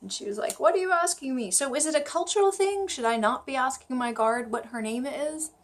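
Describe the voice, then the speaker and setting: A woman's voice: sits high, animated, a little fast. A woman vlogging about her study habits, chatty and self-deprecating, thinking aloud as she goes. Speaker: vlogger learning Chinese. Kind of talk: casual vlog talk to camera.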